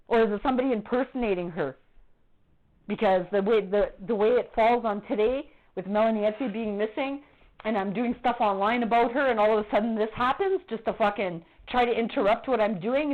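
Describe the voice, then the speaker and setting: A woman's voice: fairly high pitch, moderate pace. A middle-aged woman on a phone call to police, agitated and accusatory, swearing heavily as she complains. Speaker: caller reporting to police. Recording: muffled phone-call recording.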